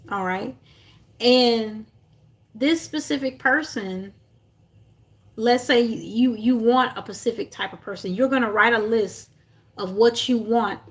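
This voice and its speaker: A young woman coaching on self-love in a casual livestream, earnest and encouraging, with lots of fillers and restarts. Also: mid-range voice.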